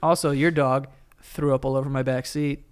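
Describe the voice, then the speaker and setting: A young man co-hosting a podcast, bantering in relaxed, dry, profane casual chat. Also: medium pitch, moderate pace, clean tone. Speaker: podcast co-host.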